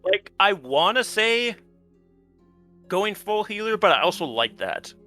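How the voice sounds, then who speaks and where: A man who played in a tabletop game, talking it over in a relaxed, rambling way with many ums. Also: high voice, unhurried, faint music behind. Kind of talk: casual post-series chat.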